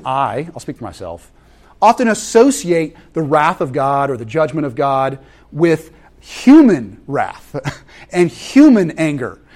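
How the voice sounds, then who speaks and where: Animated male preacher, thirties, wide-ranging and slightly high delivery, storytelling sermon. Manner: animated, acts out family scenes with voices. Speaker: pastor.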